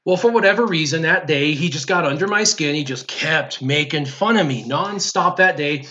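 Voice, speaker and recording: Man, animated storytelling, dull lo-fi sound. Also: on the high side, moderate pace. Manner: animated, acts out quoted voices. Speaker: host. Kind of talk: casual storytelling. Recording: lo-fi dull audio.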